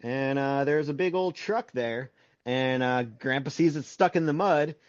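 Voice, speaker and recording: A man's voice: medium pitch, measured pace. A man co-hosting a casual comic book review podcast, laughing often as he retells the story. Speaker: podcast co-host. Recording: dull, lo-fi, dry sound.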